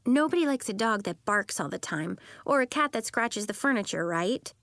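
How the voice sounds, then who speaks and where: A woman voicing an eager young shapeshifting girl in a storybook, with a bright, insistent, excitable delivery. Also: medium pitch, moderate pace, dry recording. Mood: earnest. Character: eager young girl who shifts into animals.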